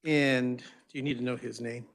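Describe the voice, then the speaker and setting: A man's voice: medium pitch, steady tone, normal speed. A state representative, a man, introducing a bill in a joking, folksy way in a committee room. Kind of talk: testifying at a hearing.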